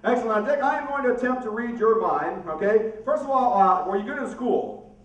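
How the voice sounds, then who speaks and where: A man's voice: extremely high pitch, expressive, a little fast, dull audio. Upbeat man joking on a stage. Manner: joking, upbeat, talks to audience members. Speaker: comedy mentalist host. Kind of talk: stand-up comedy stage patter with audience. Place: theater stage with live audience. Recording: roomy stage sound from a distance.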